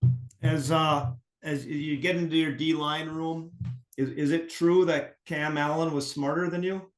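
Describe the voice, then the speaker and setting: A man hosting a podcast, asking long, halting interview questions full of fillers and restarts. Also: fairly high pitch, steady tone. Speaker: podcast host. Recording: roomy echoey mic.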